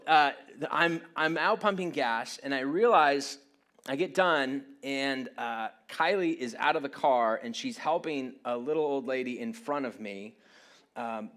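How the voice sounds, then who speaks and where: A man's voice: mid-range voice, fairly bright tone. A man in his late thirties preaching a sermon, telling a rambling, self-deprecating story with frequent restarts. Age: 30s. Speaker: pastor.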